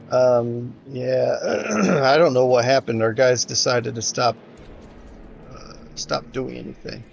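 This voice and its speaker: This gameplay commentator is a man with a gravelly, medium-pitched voice, talking casually over a strategy game. He comes across as hesitant and frustrated, often restarting and leaning on fillers, and the muffled audio carries a slight hiss or hum.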